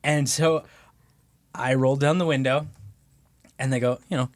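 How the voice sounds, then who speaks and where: A man's voice: mid-range voice, fairly even intonation, normal speed. A man co-hosting a podcast, telling a long funny story in casual chat, laughing often. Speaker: podcast co-host.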